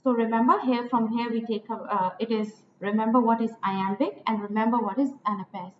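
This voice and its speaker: A woman lecturing on poetic meter, slow and deliberate, repeating lines and stressing each syllable. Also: fairly high pitch, steady tone. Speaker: literature teacher. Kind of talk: poetry lecture. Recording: echoey, tinny phone-like audio with faint noise.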